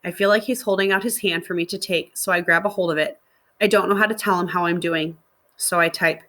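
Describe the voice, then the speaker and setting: A woman, a middle school teacher, reading a novel aloud to her students in a steady narrating voice. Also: fairly low pitch, fairly quick.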